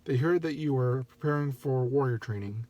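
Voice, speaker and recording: A man voicing a grieving middle-aged father, speaking gently and regretfully in a soft, earnest tone. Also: mid-range voice, normal speed, close to an everyday voice.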